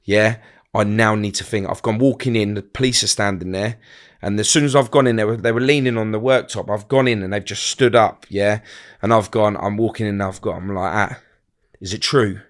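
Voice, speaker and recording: A man's voice: fairly low pitch, fairly even intonation. Blunt man recounting a loss. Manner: blunt, halting, restarts often, acts out quoted voices. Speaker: guest. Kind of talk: emotional personal storytelling.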